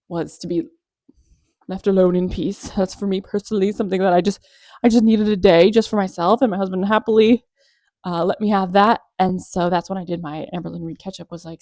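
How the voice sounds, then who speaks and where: A woman's voice: medium pitch, quick pace, warm tone, dry recording, studio quality. A young adult woman hosting a casual commentary vlog, chatty and gossipy with sarcastic asides. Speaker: commentary vlogger.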